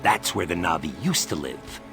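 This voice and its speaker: Game character, male,: very deep and gravelly, grave and pointed, swinging widely in pitch, with game music underneath. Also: lively intonation, normal speed. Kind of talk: video game voice acting.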